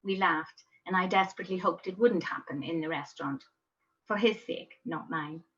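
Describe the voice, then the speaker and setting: A middle-aged woman, telling a personal story in a reflective, gently wry manner. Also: fairly low pitch, moderate pace, muffled recording. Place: home.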